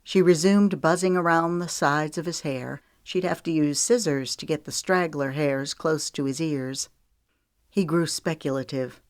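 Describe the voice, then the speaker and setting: A woman narrating a romance audiobook in a steady storytelling manner. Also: low-pitched, a little slow, no echo, clean studio sound. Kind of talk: scripted narration.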